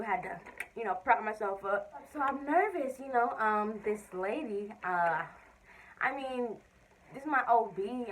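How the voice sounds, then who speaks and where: A young woman, telling an expressive story-time vlog and acting out what people said. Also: mid-range voice, recorded from a distance, slight background noise, low-quality recording. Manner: animated, expressive storytelling with quoted voices. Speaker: vlogger.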